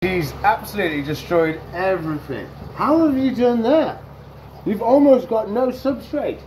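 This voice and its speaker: A man's voice: high voice, lively intonation, moderate pace, darkish tone, a little hiss or hum. A man hosting a reptile-feeding vlog, chatting away and coaxing the animals in a sing-song voice. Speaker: reptile keeper and channel host. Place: indoors among reptile tanks.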